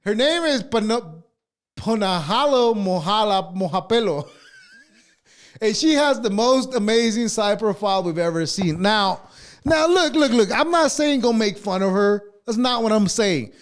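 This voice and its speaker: Dude with a super high voice ranting on a podcast, swears nonstop, gets heated. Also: male voice, animated, a little slow. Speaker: podcast co-host. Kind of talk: casual podcast rant.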